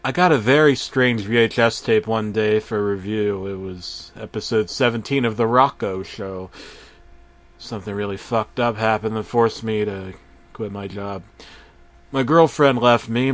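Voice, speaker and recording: Slow deadpan man with sudden outbursts. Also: on the low side. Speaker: narrator. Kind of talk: parody creepypasta narration.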